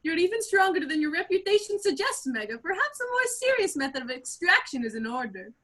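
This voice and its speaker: A woman's voice: extremely high pitch, big pitch swings, moderate pace, a bit bright, pitched above the performer's own voice, full character voice. A woman reading a smug, menacing male villain with an exaggerated fake Russian accent in a casual script read-through over video call. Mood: gloating.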